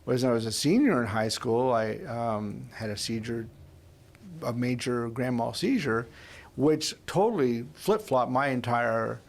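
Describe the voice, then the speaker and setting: A man's voice: mid-range voice, animated, measured pace. A man in his sixties, hosting a faith podcast and telling a personal story in a rambling, heartfelt way with frequent restarts. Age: 60s. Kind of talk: conversational podcast interview.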